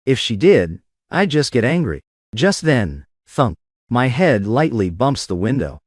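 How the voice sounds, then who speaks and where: A man's voice: medium pitch, big pitch swings, unhurried, no room sound, studio quality. A man narrating a first-person drama story in scripted narration style.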